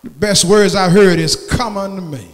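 A man preaching a sermon, calling out to the congregation and swinging from shouts down to hushed tones. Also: sits high, normal speed. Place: church sanctuary. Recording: church hall reverb.

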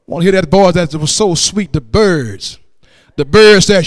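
A man preaching a sermon in church, chanting in a call-and-response style that swings between loud exclamations and hushed passages. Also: high-pitched, moderate pace, no room sound, clean studio sound. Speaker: pastor.

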